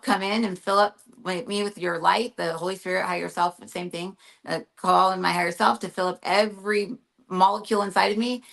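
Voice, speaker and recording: Female spiritual talk co-host, low gravelly voice, explanatory and step-by-step. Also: fairly bright tone. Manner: explanatory, walks through steps and acts out inner voices.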